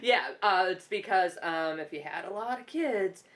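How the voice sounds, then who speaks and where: A woman's voice: lowish voice, lively intonation, moderate pace, a bit bright. A young woman from the United States hosting a podcast, talking loosely and profanely in casual chat and laughing often. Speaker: podcast host.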